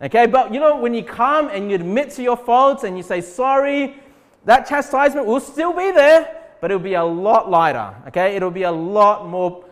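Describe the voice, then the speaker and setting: A pastor preaching an emphatic sermon to a congregation with kids, often checking in with "okay?" and "right?". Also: male voice, high-pitched, animated, normal speed. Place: church. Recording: long hall reverb.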